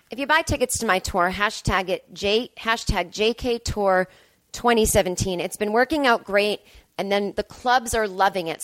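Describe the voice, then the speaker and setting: This casual storytelling monologue comes from a woman comedian hosting her podcast, her mid-range voice carrying a rambling, self-deprecating tale. She acts out her own remarks with energy, and there's no room sound.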